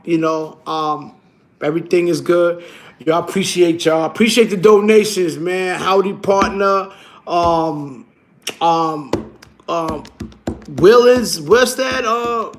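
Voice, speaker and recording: A middle-aged man chatting casually on a livestream, animated and slangy, swearing often. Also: high-pitched. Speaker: livestream host.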